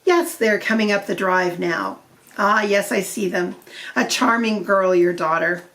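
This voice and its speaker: A woman voicing an elderly male vicar, fussy and emotional, with soft, earnest old-fashioned speech. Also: medium pitch, measured pace. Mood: polite.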